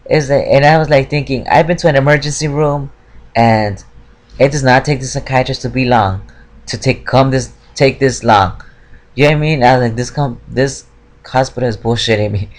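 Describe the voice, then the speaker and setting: A man's voice: medium pitch, a little mellow. A young man telling a story in a casual vlog, rambling with many fillers and heavy swearing, frustrated. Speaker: vlogger.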